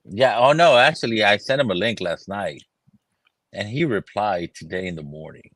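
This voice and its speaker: A man's voice: deep voice, lively intonation, normal speed, no room sound. A man hosting a casual livestream chat, swearing freely and laughing often. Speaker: livestream host. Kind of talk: casual chat over drinks.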